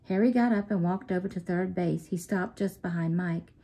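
A woman narrating a children's story in a steady, clear way. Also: lowish voice, moderate pace.

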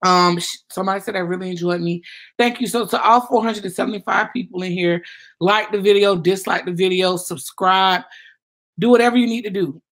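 A woman's voice: mid-range voice, fairly even intonation, fairly quick, a bit bright. A woman hosting a casual livestream, rambling and chatty as she reads out viewers' comments. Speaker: livestream host.

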